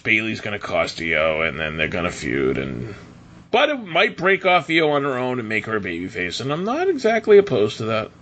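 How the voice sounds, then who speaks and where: Lively-voiced man chatting on a podcast. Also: on the low side. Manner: animated, laughs often, trails off and restarts. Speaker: podcast co-host. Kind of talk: casual wrestling podcast chat.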